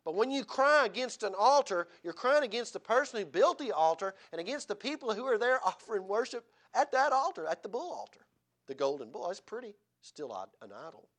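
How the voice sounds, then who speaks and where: A man with a high-pitched voice preaches a sermon in a church. He reads scripture aloud and keeps turning to his listeners with rhetorical questions, building up a sense of urgency. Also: sing-song, fairly quick, fairly bright tone. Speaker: pastor.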